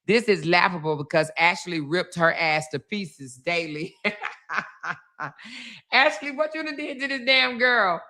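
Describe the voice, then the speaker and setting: Bright-voiced sassy woman streamer. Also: on the low side, expressive, measured pace. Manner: sassy, teasing, laughs often. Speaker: live-stream host. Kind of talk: casual live-stream commentary.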